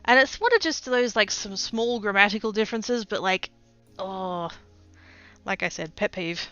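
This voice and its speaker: An Australian woman chatting casually on a livestream while she crafts, rambling and often trailing off into quiet asides. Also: medium pitch, lively intonation, normal speed, clear, resonant tone, no room sound, lo-fi sound, faint music behind. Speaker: streamer.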